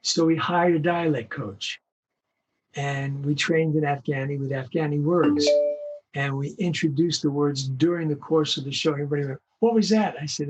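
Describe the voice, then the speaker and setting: An older male voice actor telling animated anecdotes in an interview, acting out the voices of the people he quotes. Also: on the high side, a little hiss or hum. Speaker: guest voice actor. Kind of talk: storytelling interview.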